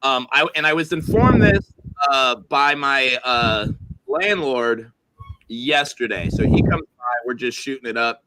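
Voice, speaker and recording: A man's voice: mid-range voice, unhurried, a little hiss or hum, rough recording. A man casually telling a long, rambling, profane story to friends on a comedy chat show. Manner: rambling, profane, animated retelling.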